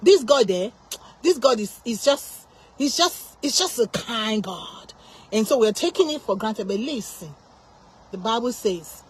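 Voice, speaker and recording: A woman's voice: fairly high pitch, husky. A woman preaching an informal sermon, impassioned and full of repeated rhetorical questions.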